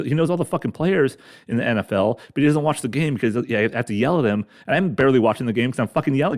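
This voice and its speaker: A man's voice: medium pitch, expressive, fast talker, a little mellow. A middle-aged man grumbling through a profane, rambling comedic rant as a podcast host, talking carefully after mouth surgery. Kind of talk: ranting comedic monologue.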